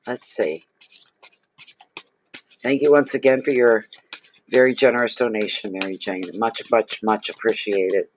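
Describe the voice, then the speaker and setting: A man's voice: on the low side, steady tone, unhurried, long pauses, a little hiss or hum. A man giving a casual tarot reading to camera, gushing and exclaiming over the cards he draws. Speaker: tarot reader.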